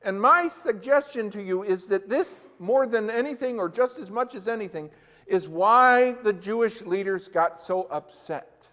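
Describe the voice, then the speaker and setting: High-voiced pastor preaching in a church. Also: male voice, expressive, measured pace, bright, forceful tone. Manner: conversational, asks the congregation questions. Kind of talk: sermon. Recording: echoey church hall.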